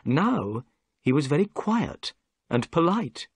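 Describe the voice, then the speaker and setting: A man narrating a storybook in clear, expressive scripted narration. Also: fairly high pitch, takes it slowly, no echo.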